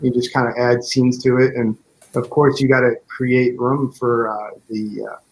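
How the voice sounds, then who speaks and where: A man in a relaxed interview talks through how his fan film came together. He rambles, leaning on fillers and restarting his sentences. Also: mid-range voice, normal speed, poor audio. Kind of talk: casual interview chat.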